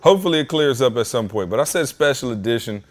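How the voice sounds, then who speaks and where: A man hosting a podcast from his home basement, telling a story in a casual, slangy, animated way that climbs in pitch when he gets worked up. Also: fast talker. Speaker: podcast host.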